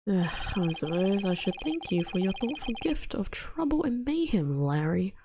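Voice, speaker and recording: A woman's voice: mid-range voice, sing-song, moderate pace, noisy background, pitched below the performer's own voice. A woman doing Phoenix Wright, a weary male lawyer. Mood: dry. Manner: dry, exasperated. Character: wry young male defense attorney. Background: game music.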